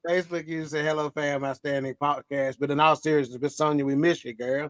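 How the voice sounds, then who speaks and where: A man's voice: a little high, steady tone, quick pace, fairly bright tone, no room sound. A man hosting a casual live-stream talk show, reading out viewer comments in an easygoing, teasing way. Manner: easygoing, teasing, many fillers. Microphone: live stream video call.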